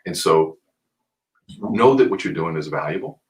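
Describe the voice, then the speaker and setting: A man with a very deep voice speaks as a guest on a live video interview. He tells stories with energy and turns earnest and urging when he gives advice. The call sound is plain, with nothing behind him. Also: expressive, moderate pace, low-quality recording.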